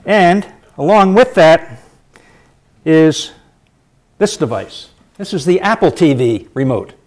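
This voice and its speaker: A middle-aged man giving a public lecture, lively and emphatic, repeating his key points for effect. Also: on the high side, takes it slowly.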